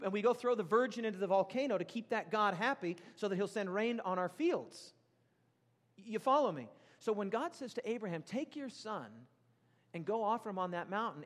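Man, pastor preaching, high-pitched, animated, swinging loud and soft, long reverb in a church hall. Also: fairly quick. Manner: animated, questions the congregation, big swings in pitch and loudness. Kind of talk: sermon. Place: church sanctuary.

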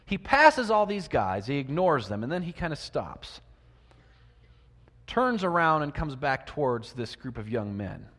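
High-voiced man preaching in a reverberant hall. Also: big pitch swings, a little slow. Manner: asks the congregation many rhetorical questions; swings between loud emphasis and quiet asides. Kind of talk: sermon. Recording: long reverb of a large hall.

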